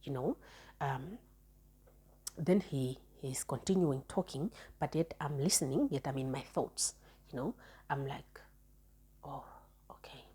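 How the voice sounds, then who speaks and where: A woman's voice: very deep voice, unhurried, dark tone, husky. A young woman telling a personal relationship story in a chatty, frank way, often restarting and repeating words. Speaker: storytime vlogger. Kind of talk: casual storytelling monologue.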